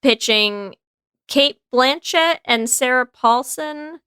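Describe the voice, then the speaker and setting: Woman, American, podcast co-host, smooth, bright, dry close mic. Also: high-pitched, takes it slowly, no room sound. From United States. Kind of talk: casual chat.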